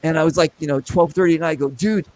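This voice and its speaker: A middle-aged man hosting a casual show, telling a long story with lots of acted-out voices and quick asides. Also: on the high side, poor audio. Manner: animated, acts out voices in anecdotes. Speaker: podcast host.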